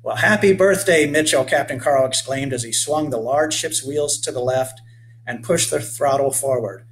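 A man's voice: mid-range voice, fairly even intonation, moderate pace, a little hiss or hum, rough recording. A man, the author, reading his children's book aloud and stepping out of the story to speak to young listeners. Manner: gentle asides speaking to children.

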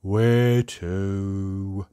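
A storybook reader voicing Mr Miserable, a gloomy little man who talks in a slow, mopey, sniffly way. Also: deep voice, steady tone, dark tone, clean tone, no echo, studio quality, pitched below the performer's own voice. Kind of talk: storybook read-aloud.

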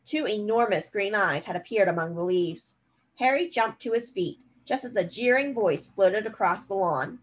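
A woman reading a novel aloud in a steady, expressive storytelling manner. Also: mid-range voice, normal speed, rough recording. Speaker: reader.

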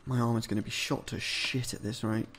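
A man giving casual gameplay commentary as a let's-player, swearing a lot and muttering and yelling at game enemies. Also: medium pitch, level tone, fairly quick, a little hiss or hum.

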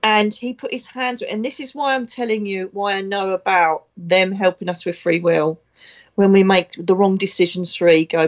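Woman, middle-aged, medium, blunt and chatty, slightly dull recording. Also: mid-range voice. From Britain. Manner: blunt, chatty, emotional storyteller. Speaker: psychic medium. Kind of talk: casual spiritual talk.

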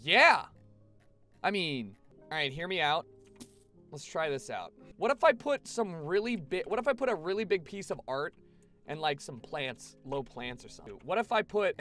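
A man's voice: a little high, very animated, moderate pace, sharp tone, soft background music. A young man giving casual, chatty gameplay commentary to his live chat, swearing freely. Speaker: streamer.

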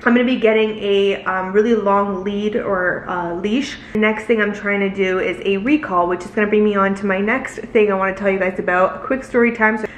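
A woman chatting casually in a home vlog about her puppy, slipping into high baby talk when she speaks to her dog. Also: steady tone, brisk, hardly any pauses, slight background noise. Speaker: vlogger, dog owner. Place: home living room. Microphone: handheld camera. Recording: roomy echo.

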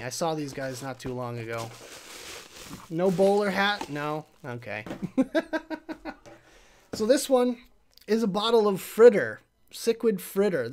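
A man hosting a casual live stream, rambling and chatty as he opens packages and answers viewers in chat. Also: fairly high pitch. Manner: chatty and rambling, reacts to chat, trails off and restarts. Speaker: host of a live vape review show.

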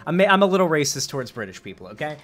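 A man's voice: a little high, sing-song, rapid-fire, fairly bright tone, a little hiss or hum. A man hosting a casual debate with a viewer, talking in a rambling way with many fillers and restarts. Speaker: host.

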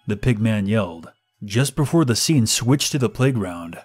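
Low-voiced male horror storyteller. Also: animated, normal speed, faint music behind. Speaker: narrator.

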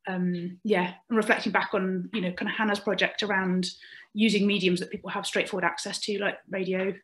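A woman's voice: mid-range voice, flat delivery, brisk, fairly bright tone, low-quality recording. A woman reporting back for her group in a webinar, speaking casually on a video call with many fillers and restarts.

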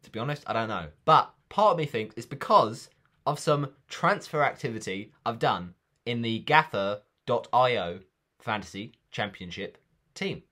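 A man's voice: mid-range voice, lively intonation, moderate pace, sharp tone. A man chatting casually in a football predictions vlog, rambling and teasing himself.

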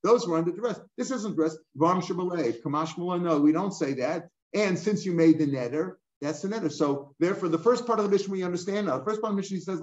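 An older man teaching a Talmud class line by line, animated and full of rhetorical questions, mixing in Hebrew and Aramaic terms. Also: high-pitched, fast, hardly any pauses. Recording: echoey room, dull lo-fi sound.

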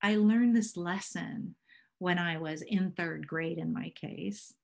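Slow-speaking woman in her fifties. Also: on the low side, gravelly. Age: 50s. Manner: calm, encouraging, counts breaths slowly. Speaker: workshop presenter. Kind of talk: guided talk and breathing exercise.

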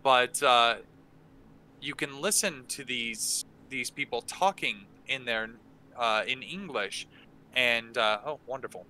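A man acting as dungeon master hosts a tabletop game workshop, answering questions casually in a Q&A with many hesitations and restarts. His medium-pitched voice is slow with a sharp tone. There's a little hiss or hum.

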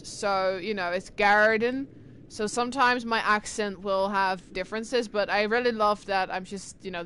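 A woman's voice: mid-range voice, a bit bright, a little hiss or hum. A young woman with an English accent touched by Irish and Scottish sounds, chatting casually to her stream viewers as a gaming streamer, rambling with lots of fillers and restarts.

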